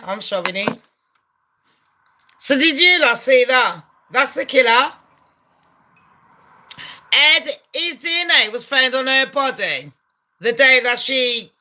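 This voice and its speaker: A woman commentating on a true-crime video, excitable, loud and swearing a lot. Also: high voice. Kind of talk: live commentary over video.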